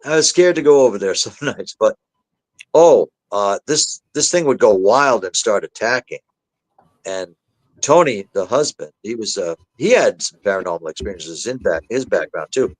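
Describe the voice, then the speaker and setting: A man's voice: lowish voice, moderate pace, dry recording, poor audio. A man, a demonologist guest, telling his story in a podcast interview and acting out the voices he quotes. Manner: animated, acts out the voices he quotes.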